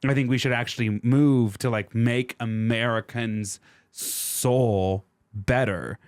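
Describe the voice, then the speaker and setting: A man co-hosting a podcast, casually explaining history in an animated, sarcastic way, swearing freely and acting out the people he quotes. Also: mid-range voice, slow pace, smooth, dry recording, studio quality.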